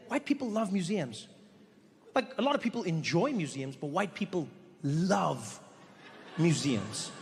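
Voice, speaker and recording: A man doing stand-up storytelling on stage into a handheld mic, animated and breaking into quick voices for the people in his stories. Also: sits high, long reverb tail, a little hiss or hum. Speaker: stand-up comedian.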